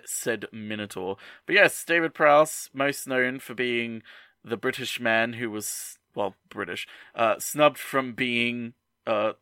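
A man's voice: medium pitch, sharp tone, no room sound, studio quality. A man co-hosting a podcast, casually rambling through trivia with jokes and laughter. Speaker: podcast co-host. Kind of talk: casual chat.

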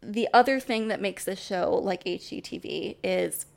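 A woman co-hosting a podcast in casual chat, animated and laughing as she acts out quoted lines. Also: mid-range voice, moderate pace, creaky. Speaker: podcast co-host.

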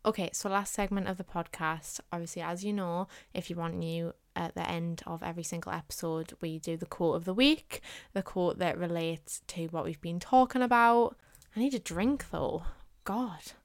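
A woman's voice: fairly low pitch, fairly even intonation, moderate pace, dry recording. A young woman hosting her own podcast in a casual solo talk, earnest and often repeating her points for emphasis. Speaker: podcast host.

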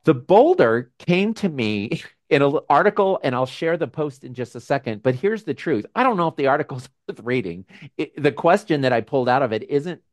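A man hosting a casual video call with his members, talking in a gentle, musing way with frequent restarts. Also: a little high, animated, normal speed, no echo. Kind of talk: casual reflective talk.

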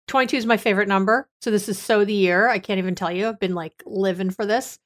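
A woman in her fifties hosts her podcast from her office, chatting in a bubbly, easygoing way. Her voice is a touch hoarse and sits at an ordinary middle pitch. She laughs easily between thoughts. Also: fairly even intonation, fast talker, few pauses. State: slightly hoarse. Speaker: psychologist and podcast host. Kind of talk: casual podcast chat.

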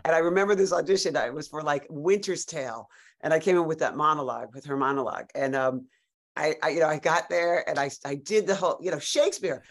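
A woman actor as a podcast guest, telling lively stories in a casual, animated way with frequent restarts. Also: low-pitched, fast. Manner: animated storyteller, many restarts and laughs.

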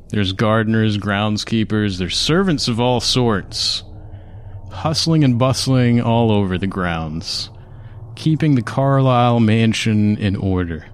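Slow low-voiced male game master. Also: a little hiss or hum. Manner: slow, measured storytelling. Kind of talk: narrating a tabletop game.

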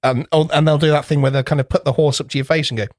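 A man's voice: a little high, fairly even intonation, rapid-fire, darkish tone, no echo. Male podcast co-host, sweary storyteller, dry close mic. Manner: swears freely, acts out kids' voices in rambling anecdotes. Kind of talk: casual chat.

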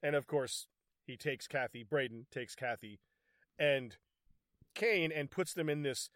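A man co-hosting a podcast, retelling a movie in casual chat, animated and profane, acting out scenes between laughs. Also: mid-range voice, a little slow, no echo, clean studio sound. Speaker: podcast co-host reviewing a movie.

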